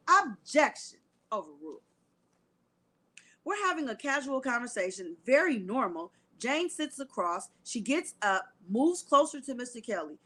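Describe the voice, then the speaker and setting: Woman reading court stuff out loud to her viewers, pretty high voice, casual and chatty. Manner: breaks into laughter while reading, talks to viewers as y'all; prays aloud for composure. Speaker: commentator reading court testimony. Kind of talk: casual reading and commentary on camera. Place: at home, alone on camera.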